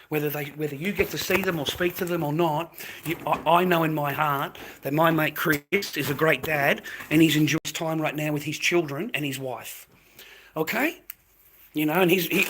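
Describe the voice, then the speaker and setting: A man's voice: fairly high pitch, fairly bright tone, a little hiss or hum. A middle-aged man giving coarse, swearing, emphatic advice to other men in a blunt monologue.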